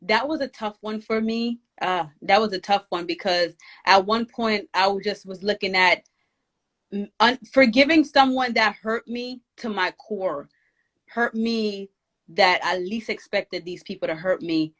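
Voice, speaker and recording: A woman speaks in an inspirational conversation, her voice sitting at an ordinary middle pitch. She talks emphatically and encouragingly, with the cadence of someone exhorting a congregation. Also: unhurried, fairly bright tone. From Jamaica. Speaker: guest, author.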